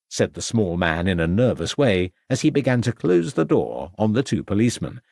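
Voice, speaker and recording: Man, audiobook narration, low pitch, expressive, dry close studio sound. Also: moderate pace, no echo. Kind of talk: scripted narration.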